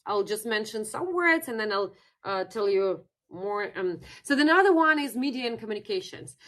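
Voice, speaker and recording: A woman's voice: medium pitch, animated, normal speed, fairly bright tone. A young woman from Russia with a Russian accent, teaching her native language in a chatty live-stream lesson and answering viewers in the chat.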